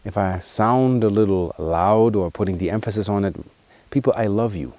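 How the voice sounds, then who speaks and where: A male wellness vlogger gives an earnest, heartfelt spiritual monologue, alternating emphatic, loud pushes with soft, hushed passages. His voice is fairly low-pitched, his pace moderate, and there's no echo.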